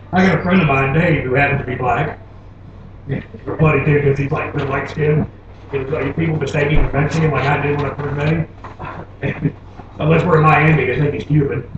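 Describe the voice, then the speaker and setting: A man from Florida doing a stand-up comedy set, telling animated stories and laughing at his own jokes. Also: fairly high pitch, fairly quick, muffled recording. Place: comedy club stage. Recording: very echoey club, taped from far off, noisy.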